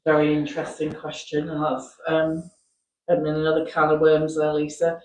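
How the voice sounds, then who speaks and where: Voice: medium pitch, monotone, moderate pace. A host asking questions in a casual chat, with a teasing manner. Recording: echoey, distant mic with faint noise.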